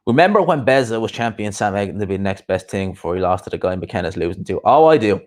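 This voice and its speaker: A man's voice: lowish voice, animated. A young man, chatting casually and rambling on a live stream as its host. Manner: rambling, chatty, quick asides and laughs. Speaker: YouTube boxing streamer.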